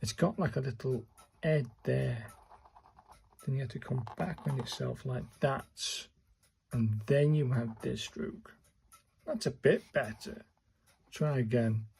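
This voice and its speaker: Slow and full of long pauses, a man's medium-pitched voice has vocal fry and is a little mellow. As a calligraphy learner and channel host, he mutters casually through each stroke while practicing, on a rough recording with slight background noise.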